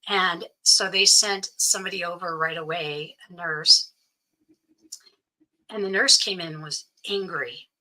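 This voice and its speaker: A woman's voice: fairly low pitch, measured pace, pushed and bright, low-quality recording. A middle-aged woman, a guest in an interview, telling a personal story and acting out what each person said. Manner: recounts events by acting out quoted dialogue.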